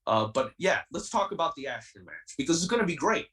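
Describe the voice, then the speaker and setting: A man's voice: on the high side, very animated, fairly quick, fairly bright tone, distant mic, rough recording. A man of twenty, a wrestler speaking as a guest on a podcast, talking intensely and defiantly and repeating himself to make his point. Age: 20s. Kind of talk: heated podcast interview.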